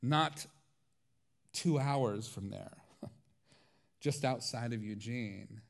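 Animated storytelling male preacher. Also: medium pitch, drawn-out words, gravelly. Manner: animated storytelling with frequent laughs. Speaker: pastor. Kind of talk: sermon.

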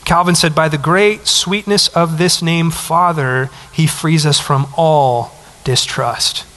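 A man's voice: on the high side, steady tone, slow pace, a bit bright. A pastor in his thirties preaching a sermon in a conversational, emphatic way, with asides to the congregation.

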